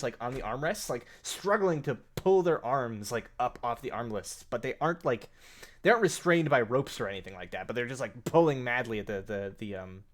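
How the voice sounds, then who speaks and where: A man narrating a tabletop game as game master, halting with frequent fillers and restarts. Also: mid-range voice. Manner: hesitant, many fillers and restarts.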